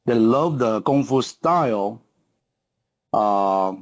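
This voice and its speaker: In a podcast interview, a man in his fifties who coaches martial arts talks in English with a medium-pitched, animated voice. His speech is halting, full of fillers and restarts as he searches for the right English words.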